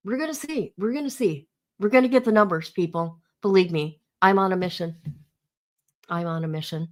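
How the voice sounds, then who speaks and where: A woman talks to her livestream audience in a casual, drawn-out way, her pace slow and deliberate. She gets heated as she rants, calling people out, and stops now and then to greet viewers by name. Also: medium pitch. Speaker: livestream host.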